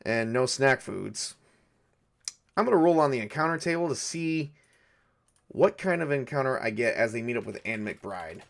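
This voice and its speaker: A man's voice: mid-range voice, fairly quick, gravelly. A man narrating a solo tabletop game as game master, thinking aloud as he rolls dice. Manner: rambling, thinks aloud while rolling dice.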